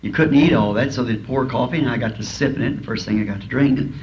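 A man's voice: medium pitch, quick pace, darkish tone. A man preaching to a congregation, telling homespun stories and chuckling at his own jokes. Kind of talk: folksy sermon with humorous anecdotes. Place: school auditorium before a congregation. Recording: dull lo-fi archival tape with faint hiss.

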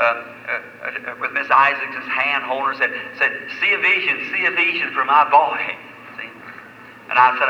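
Preacher in an echoey hall. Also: male voice, medium pitch, sharp tone, slight background noise. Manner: folksy storytelling, rising to fervent exhortation. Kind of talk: sermon storytelling. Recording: old lo-fi echoey hall recording.

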